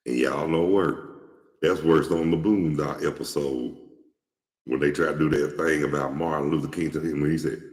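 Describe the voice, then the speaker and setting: A man's voice: a bass voice, fairly even intonation, normal speed, a little mellow. A man hosting his own show, giving casual, outspoken commentary straight to his viewers and rambling with plenty of restarts and repeats. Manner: slangy and outspoken. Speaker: show host. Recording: echoey room with long reverb.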